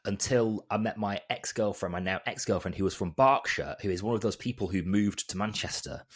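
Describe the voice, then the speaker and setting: A man from Bolton with a softened Northern English accent, co-hosting a podcast in a rambling, self-deprecating chat. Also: on the low side, a little fast, husky. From Bolton, England. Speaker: podcast co-host. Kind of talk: casual chat.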